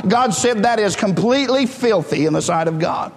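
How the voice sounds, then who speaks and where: A male pastor delivers a fervent sermon in a high, ringing voice. He calls out to the congregation and builds toward passionate peaks. His voice carries a long reverb through the church hall. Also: expressive, moderate pace. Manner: fervent, preaching in a rising call-and-response style. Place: church sanctuary.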